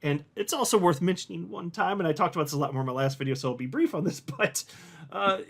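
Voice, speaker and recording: Excitable man hosting a crypto channel. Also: a little high, fast talker, gravelly. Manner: excitable, emphatic, self-interrupting with frequent restarts. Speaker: crypto YouTube channel host. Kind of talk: casual commentary to camera.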